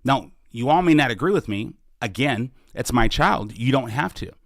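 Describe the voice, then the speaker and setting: A man's voice: mid-range voice, lively intonation, normal speed, no echo, clean studio sound. A middle-aged man hosting a live question-and-answer podcast, speaking earnestly and often restarting his sentences. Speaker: podcast host and political candidate. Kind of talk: live Q&A, casual campaign talk.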